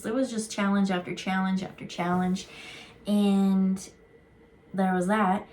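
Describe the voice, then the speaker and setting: A woman's voice: mid-range voice, flat delivery, measured pace, darkish tone, a little hiss or hum. A woman giving a casual channeled card reading as an intuitive, talking in a rambling, chatty way with casual swearing.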